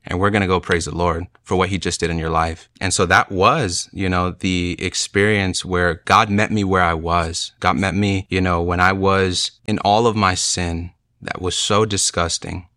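A man's voice: sits low, steady tone, moderate pace, few pauses, bright, forceful tone, dry recording. A young man earnestly telling his personal conversion testimony in a casual storytelling way, with frequent fillers. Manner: earnest, emotional, with frequent "you know" fillers. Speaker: speaker sharing a conversion testimony.

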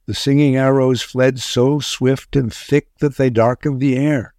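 A man narrating a wartime tale in a measured, grave storytelling manner. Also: mid-range voice, fairly even intonation, a little mellow, no room sound, studio quality.

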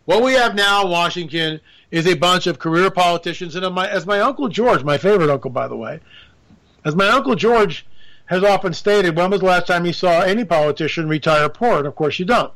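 Male political commentator, high and bright voice, sarcastic and animated, riffing solo. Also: brisk. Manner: animated, sarcastic, joking asides. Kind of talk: casual political monologue.

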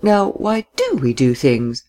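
A man reading a story and voicing a fussy, rambling old gentleman in a raised, quavering voice. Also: sing-song, measured pace, slightly rough, full character voice. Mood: musing. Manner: babbling, quavering, high-pitched.

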